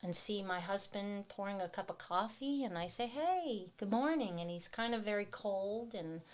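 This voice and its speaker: A woman's voice: mid-range voice, moderate pace. A middle-aged woman giving a personal testimony as a podcast guest, a vivid storyteller who acts out her own past words.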